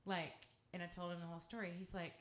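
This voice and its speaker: Speaking in a fairly low, level voice at a quick clip, this East Texas-accented woman rambles through an uncensored, candid story between songs. She's the guest singer-songwriter on a music club stage, recorded amid the echo of a live club.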